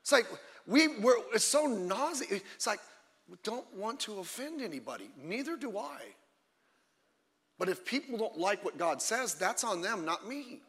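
A man preaching a sermon as a pastor, emphatic and fiery, often breaking off into quick asides. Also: sits high, big pitch swings, a bit bright, long reverb tail.

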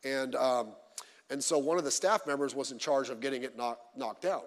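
A male pastor preaching a sermon, swinging between loud emphatic lines and low quiet asides, telling stories with humor. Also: moderate pace, in a large hall. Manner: informal storytelling with humor. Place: church.

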